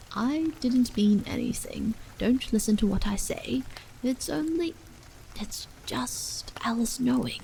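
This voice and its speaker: A woman voicing an anxious, strained wife and mother in whispered role-play, low and trembling. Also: vocal fry, dark tone, slight background noise, heavily acted, rough recording.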